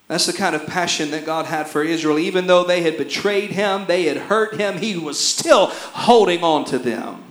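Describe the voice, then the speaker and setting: A man delivers a sermon in a high voice. He swings between shouting and hushed, quiet lines. The sound is roomy and echoey. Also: moderate pace, hardly any pauses. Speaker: pastor.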